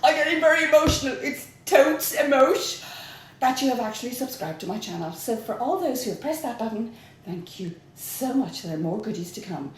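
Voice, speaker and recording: A high-voiced Irish woman chats through a home-baking demo, teasing and breaking into sing-song asides. Her voice echoes around a hard-walled kitchen, with a faint hiss behind it. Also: very animated, moderate pace, far from the mic. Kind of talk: chatty cooking demonstration. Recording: echoey room.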